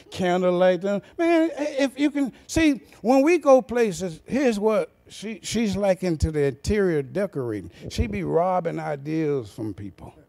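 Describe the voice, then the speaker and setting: Male pastor, high gravelly voice, folksy sermon that swells into sung shouts. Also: animated, measured pace. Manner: folksy, chuckling preaching that builds to shouted, sing-song cadences.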